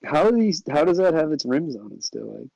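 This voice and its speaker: Very animated, this podcast guest speaks on the high side with vocal fry and a dark tone, laughing, swearing freely and restarting haltingly in casual chat. The recording is dry, with the highs cut off.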